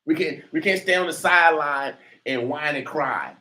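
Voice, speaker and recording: A man hosting a talk radio show, preaching defiantly and rising to near shouts. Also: on the high side, normal speed. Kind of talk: fiery talk radio commentary.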